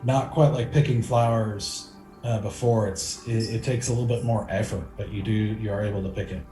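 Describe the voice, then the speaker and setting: A man's voice: fairly low pitch, steady tone, moderate pace, dark tone. A man narrating as game master of a tabletop game, rambling with many fillers and restarts. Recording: echoey room with faint music.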